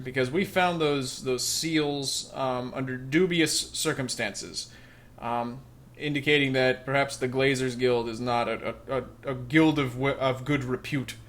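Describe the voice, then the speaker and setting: A man's voice: medium pitch, fairly even intonation, unhurried, fairly bright tone. A man hosting a let's play, reading game text and making rambling, wry, joking asides in sarcastic commentary. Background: faint game music.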